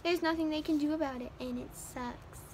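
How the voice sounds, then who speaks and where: A woman storyteller retells a fairy tale in a loose, chatty, rambling way. Her voice sits high and animated. Faint room ambience hums under the recording. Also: a little fast, a little hiss or hum.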